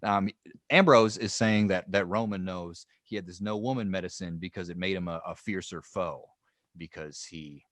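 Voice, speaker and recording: A man's voice: deep voice, fairly bright tone, no room sound, studio quality. A man co-hosting a history podcast, telling the story in a loose, joking way with many restarts. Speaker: podcast co-host. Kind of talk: casual history podcast chat.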